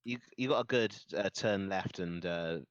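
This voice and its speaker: A man's voice: sits low, moderate pace, clean tone, dry recording, highs cut off. A man in casual chat on a call, easygoing, laughing a lot and groping for words. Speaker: streamer guest.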